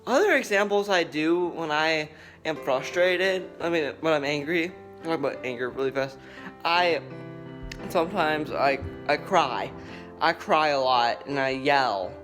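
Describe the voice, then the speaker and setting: A young man talking earnestly to camera in a vlog, halting and restarting as he speaks. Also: fairly high pitch, music in the background. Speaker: vlogger. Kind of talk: personal talk to camera.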